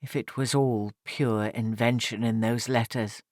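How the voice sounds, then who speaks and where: A man's voice: medium pitch, steady tone, unhurried, dry recording, studio quality, pitched below the performer's own voice, natural voice. A man reading an audiobook and voicing an intense, earnest young man who speaks emphatically. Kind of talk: audiobook character voice.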